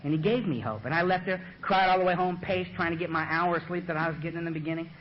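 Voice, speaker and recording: Fast-talking high-voiced man telling his story. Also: slight background noise. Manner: animated, loose, peppered with "you know" and "man"; laughs at his own story. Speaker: AA meeting speaker. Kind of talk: humorous personal recovery story. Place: meeting room at the front. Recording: dull lo-fi meeting recording.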